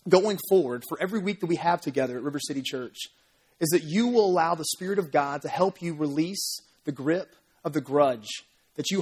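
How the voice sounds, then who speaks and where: Male pastor, high husky voice, animated storytelling sermon in church. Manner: animated storytelling, acts out crowd voices, asks "right?" often. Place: church sanctuary.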